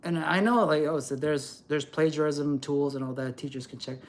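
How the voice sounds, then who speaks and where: A man's voice: on the high side, fairly even intonation, normal speed. A middle-aged man ranting profanely and lecturing on a livestream. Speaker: livestream host. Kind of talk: livestream rant.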